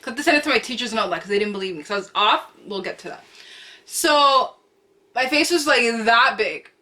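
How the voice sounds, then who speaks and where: A woman's voice: on the high side, lively intonation, fast talker. A young woman vlogger telling a storytime from home to camera, chatty and slangy, repeating phrases for emphasis. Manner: acts out quotes with loud cries. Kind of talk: storytime vlog.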